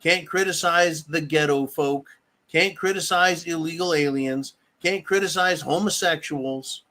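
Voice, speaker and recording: A man's voice: fairly high pitch, measured pace, pushed and bright. Angry man ranting profanely. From United States. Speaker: political commentary host reading viewer comments. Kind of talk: livestream political rant.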